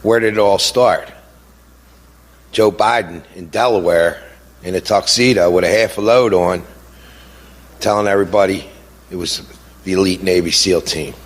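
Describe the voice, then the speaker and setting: A middle-aged man speaking as a grieving father in an impassioned speech, halting with fillers at times and indignant at others. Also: sits low. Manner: indignant, rising to heated outbursts. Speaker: grieving father giving a talk.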